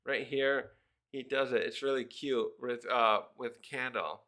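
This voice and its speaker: A man with a mid-range, fairly evenly intoned voice and a sharp tone gives a casual spoken review of a manga chapter. He rambles and briefly acts out the characters' lines in quick put-on voices.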